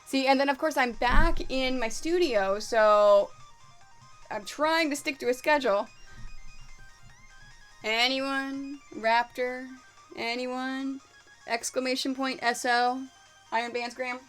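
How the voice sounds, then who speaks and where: Working away in her home sewing studio, a woman with an American and Canadian mixed accent keeps up a chatty, scattered live-stream conversation with viewers and her dogs. Her voice sits high and fairly bright, slow and full of pauses, with soft music playing.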